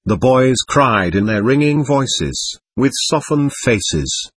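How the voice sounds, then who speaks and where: A man narrating a novel in a measured, expressive reading. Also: mid-range voice, slightly rough, no echo. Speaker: audiobook narrator.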